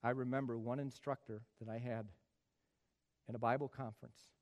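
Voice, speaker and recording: A middle-aged man preaching a sermon as pastor, building from quiet talk to loud, emphatic passages. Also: mid-range voice, flat delivery, normal speed, dull audio.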